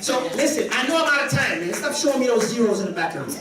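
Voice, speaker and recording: A man from the Caribbean giving a motivational business talk at a conference, animated and joking with the audience. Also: very high-pitched, fast talker, very noisy. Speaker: conference speaker. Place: conference hall. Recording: echoey hall, distant mic.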